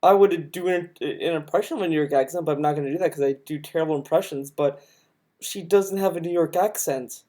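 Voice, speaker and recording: A man on a live stream pushing back hard against a video he is reacting to. His voice is mellow and dark rather than bright, and he argues emphatically, cutting in to rebut the clip. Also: on the high side, a little fast. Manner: argumentative, emphatic, interrupts the video. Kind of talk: heated reaction commentary.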